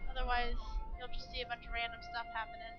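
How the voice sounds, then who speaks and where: A woman giving casual, excitable commentary while playing a game, often squealing when surprised. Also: a little high, fast talker. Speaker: gamer. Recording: lo-fi mic with game music behind.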